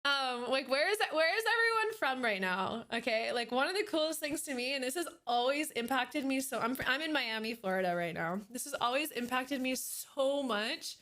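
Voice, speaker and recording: A bubbly woman live streamer chats with her viewers from her computer, giggling as she greets people by name. Her voice sits high and sounds bright and crisp. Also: expressive, normal speed, hardly any pauses. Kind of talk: casual live-stream chat.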